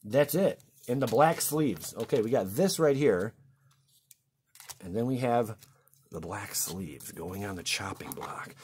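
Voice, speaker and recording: A man hosting a card-opening video in a casual, excitable way, swinging from hushed talk to shouting. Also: lowish voice, unhurried, slightly rough.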